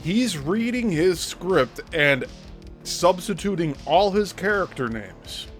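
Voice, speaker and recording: A man's voice: high voice, lively intonation, takes it slowly, faint music behind. A male host giving critical commentary on a played clip, explaining his points step by step.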